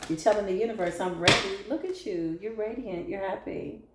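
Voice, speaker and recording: A woman giving a casual tarot reading to viewers, animated, blunt and sassy, swearing freely. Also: medium pitch, brisk, noisy background. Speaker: tarot reader. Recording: echoey room.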